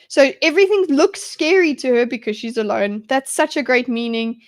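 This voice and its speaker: A woman's voice: sits high, expressive, moderate pace. A young woman hosting a live stream. She talks in a rambling, enthusiastic way, with lots of restarts and fillers. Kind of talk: casual live-stream commentary.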